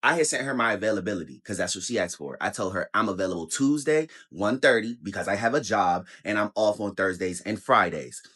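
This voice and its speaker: Guy ranting to the camera, kinda low voice, heated and cussing a lot. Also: expressive, fairly quick, few pauses, fairly bright tone, slightly rough. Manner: heated, profane, storytelling. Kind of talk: casual rant to camera.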